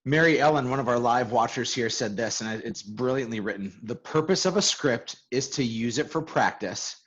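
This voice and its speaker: A man's voice: medium pitch, a bit bright, breathy edge. Man coaching with dull lo-fi audio. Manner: quick, repeats words when starting. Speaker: real estate coach co-hosting a webinar. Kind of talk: casual webinar chat.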